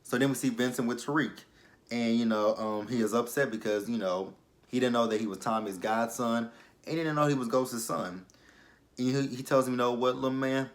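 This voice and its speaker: A man's voice: mid-range voice, fairly even intonation, normal speed. A young adult man casually recapping a TV episode for his vlog, chatty and full of fillers, breaking into exaggerated reactions. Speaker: TV episode reviewer.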